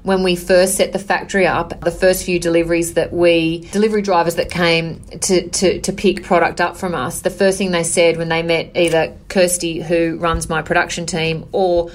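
Earnest businesswoman, lowish voice. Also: level tone. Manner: earnest, measured, with frequent "you know" fillers. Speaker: business owner, interview guest. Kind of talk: conversational interview answers.

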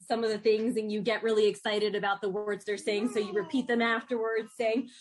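A woman occupational therapist speaking as a guest in a news interview, talking in a warm, animated way about how she talks to her children. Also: brisk. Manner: warm, animated, lifts into high sing-song baby talk when demonstrating.

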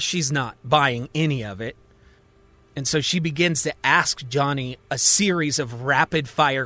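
Slow, measured male storyteller. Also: fairly high pitch, pushed and bright, no room sound. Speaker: radio host and storyteller. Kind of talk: scripted radio drama narration. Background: faint music.

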